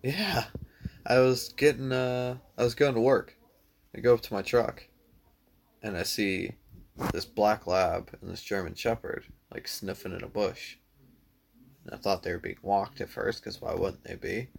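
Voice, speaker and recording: A man's voice: on the low side, steady tone, unhurried, vocal fry, slight background noise. A man casually telling a long story to a friend, laid-back, swearing freely and filling his talk with "dude" and "like".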